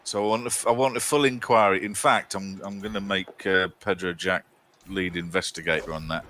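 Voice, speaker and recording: A man chats on a live game stream in a rambling, teasing way, playing up mock outrage at his friends. His voice sits fairly low but comes across bright and forceful. A faint hiss runs underneath. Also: fairly even intonation, brisk. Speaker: co-host. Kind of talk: casual live-stream chat.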